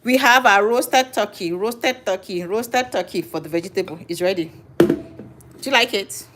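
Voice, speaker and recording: A woman's voice: medium pitch, moderate pace, a bit bright. A middle-aged woman chatting casually while cooking live at home, thinking aloud and correcting herself as she goes. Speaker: home cook and live streamer. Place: home kitchen.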